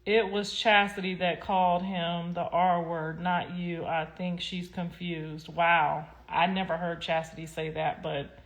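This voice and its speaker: Heated, blunt woman ranting on a livestream. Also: on the low side. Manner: heated, blunt, swears freely, swings loud and quiet. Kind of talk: casual livestream rant.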